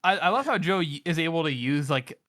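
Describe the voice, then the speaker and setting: A man co-hosting a podcast, talking about a book in excited, rambling casual chat full of "like"s. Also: on the high side, brisk. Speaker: podcast co-host.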